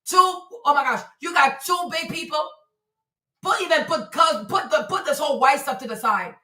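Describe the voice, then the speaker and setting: A forty-something woman with a high, sharp voice calls out her audience on a live stream. She talks emphatically and confrontationally, as if arguing with the viewers. Her voice comes through a mic set well away from her, with a roomy echo. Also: normal speed. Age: 40s. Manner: emphatic, confrontational, repeats rhetorical questions. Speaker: streamer and commentator. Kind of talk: heated live-stream commentary. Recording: roomy sound from a distant mic.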